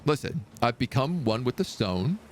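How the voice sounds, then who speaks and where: A man's voice: mid-range voice, big pitch swings, moderate pace. A man streaming a pirate game live, joking around and reading the game's story text aloud. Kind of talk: live gameplay commentary.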